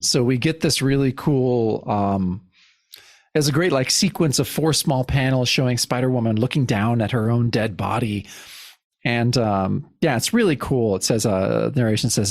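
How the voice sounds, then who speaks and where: A man's voice: medium pitch, moderate pace, no echo, clean studio sound. A male podcast co-host recapping a comic in a casual, rambling way, with frequent restarts. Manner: rambling retelling with many restarts. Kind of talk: casual comic-book discussion.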